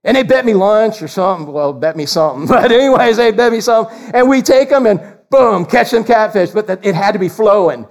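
A man preaching a sermon in an animated, folksy way, laughing often. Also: sits high, a little fast, few pauses.

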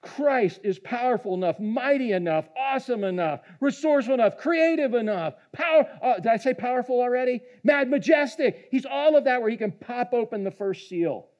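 A man preaching a sermon, animated, swinging from hushed lines to shouting and joking with the congregation. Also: very high voice, brisk, hardly any pauses, dull audio. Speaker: pastor.

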